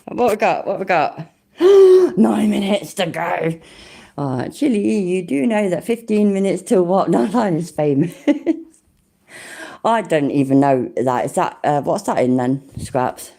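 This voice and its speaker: Brit woman in her 40s on a livestream, lowish mellow voice, swings up and down a lot, swears loads. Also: expressive, unhurried, creaky. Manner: swears a lot, exclaims loudly, reads chat aloud. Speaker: livestream host. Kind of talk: casual livestream chat.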